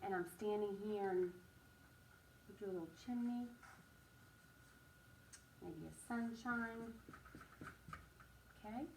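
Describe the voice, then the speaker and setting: A woman teaching a writing and drawing lesson to young children, speaking slowly and encouragingly and stressing each word. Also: medium pitch, darkish tone, distant mic, a little hiss or hum.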